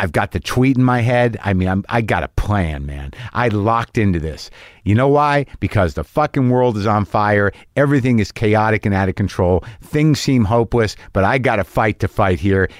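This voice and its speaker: A man's voice: on the low side, no echo, clean studio sound. Profane, rambling middle-aged man. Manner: rambling, self-mocking, profane, with sudden exasperated outbursts. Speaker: podcast host. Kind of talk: comic storytelling monologue.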